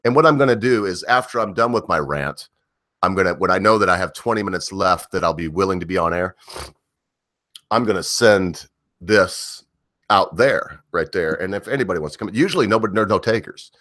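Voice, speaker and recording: A man's voice: sits low, expressive, brisk, a bit bright, no echo, studio quality. A middle-aged man hosting a livestream, ranting in a rambling, profane way with frequent chuckles. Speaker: livestream host.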